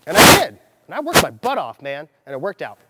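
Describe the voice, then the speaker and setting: A man in his thirties giving a motivational talk to a group as a mindset coach, telling a story with animated energy and acting out the lines he quotes. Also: fairly high pitch, brisk, heavy background noise. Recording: long hall reverb.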